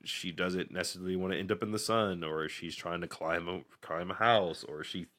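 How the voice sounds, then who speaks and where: A man's voice: deep voice, brisk. A man co-hosting a casual podcast, chatting about anime, laughing often and acting out scenes in funny voices. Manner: animated, laughing, acts out scenes. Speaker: podcast co-host. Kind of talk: casual chat.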